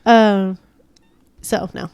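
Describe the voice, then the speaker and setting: A woman's voice: medium pitch, steady tone, drawn-out words, vocal fry, darkish tone, smooth, no echo, lo-fi sound. A woman co-hosting a podcast in casual banter, chatty and laughing often, dropping into playful voices when she quotes people. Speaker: podcast co-host.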